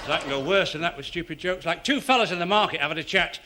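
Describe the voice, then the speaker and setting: A man's voice: sits high, expressive, very fast, few pauses, noisy background. A man telling silly stand-up jokes and laughing at his own punchlines. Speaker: stand-up comedian.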